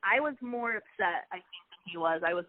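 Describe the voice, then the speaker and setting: This is a young woman with a fairly low, expressive voice who talks briskly while sharing personal stories as an interview guest; she's married to a wrestling coach. Her storytelling is casual, chatty, and emotional, with frequent restarts. The audio has no room sound and a dry, tinny, phone-like quality.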